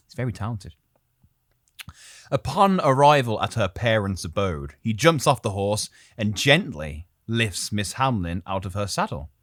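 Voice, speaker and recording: A man's voice: fairly low pitch, sing-song, unhurried, a bit bright, no echo, studio quality. A man, co-hosting a podcast and telling a story in a casual, jokey way, with frequent laughs and rambling asides.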